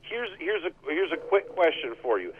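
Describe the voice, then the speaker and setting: A man co-hosting a podcast, chatting casually with blunt, opinionated remarks and halting restarts. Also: a little high, big pitch swings, slight background noise. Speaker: podcast co-host. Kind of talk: casual chat. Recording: tinny phone-line sound.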